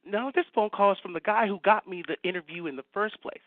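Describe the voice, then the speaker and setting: A man, a science fiction writer, telling an animated anecdote as a guest and acting out the people he quotes. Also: high-pitched, fast talker, no room sound, phone-quality sound. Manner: lively storyteller acting out quoted voices.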